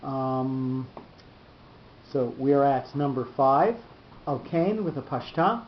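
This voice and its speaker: A man teaching a study session who explains slowly, with fillers and restarts. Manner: halting, many restarts and fillers, slows to spell out terms. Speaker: Torah teacher. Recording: dull echoey room with faint rumble.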